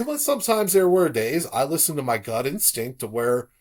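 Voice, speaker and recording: Middle-aged man from South Florida, podcast guest, relaxed storyteller who gets animated when quoting others. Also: fairly high pitch, normal speed, slightly rough. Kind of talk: casual storytelling.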